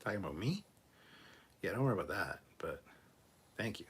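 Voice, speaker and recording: A livestream host with a deep, sing-song voice talks fairly quickly over slight background noise. He jokes loosely in a casual chat and reads out donations, thanking viewers by name.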